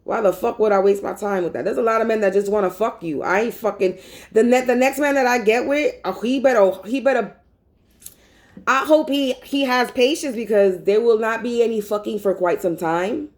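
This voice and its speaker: A woman's voice: a little high, normal speed, rough recording. A woman vlogger in a rambling casual monologue, talking bluntly and profanely.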